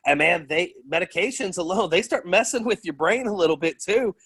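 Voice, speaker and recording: A man's voice: high-pitched, expressive, brisk, a bit bright, husky. A man co-hosting a casual podcast, speaking candidly and laughing often. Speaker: co-host. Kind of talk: casual chat.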